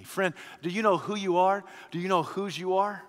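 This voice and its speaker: Male preacher, high and bright, exhorting then dropping to a hush; long church-hall reverb. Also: moderate pace. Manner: swings between loud rising exhortation and hushed low reflection; addresses listeners as friend, repeats phrases. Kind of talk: sermon.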